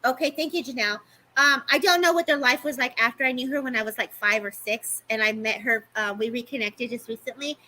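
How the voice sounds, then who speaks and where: A woman giving a live-streamed psychic reading, talking fast and affectionately to the people she reads, calling them baby and babes. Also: a little high, bright, forceful tone, slight background noise, poor audio. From California. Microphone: live-stream microphone.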